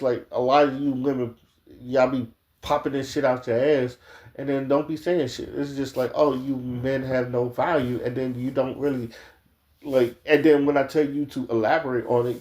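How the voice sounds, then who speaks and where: A man talks straight into the camera in a loose, unscripted opinion rant. His voice is mellow and warm, sitting at an ordinary male pitch. He swears freely and keeps stumbling into restarts and filler words as he makes his point. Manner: blunt and profane, with frequent restarts and filler "like"; speaks straight to the viewers. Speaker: video commentator. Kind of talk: casual opinion commentary.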